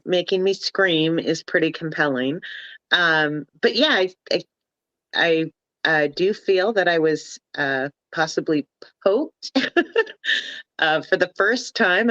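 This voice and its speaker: A woman guest on a radio talk show, speaking in a hesitant, halting way with many fillers. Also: fairly low pitch, a bit bright, no echo, highs cut off. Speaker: paranormal investigator guest.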